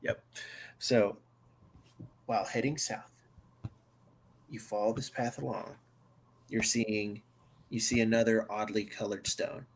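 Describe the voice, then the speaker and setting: A man narrating a tabletop game as game master, slow and halting with many fillers. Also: lowish voice, steady tone, slight background noise.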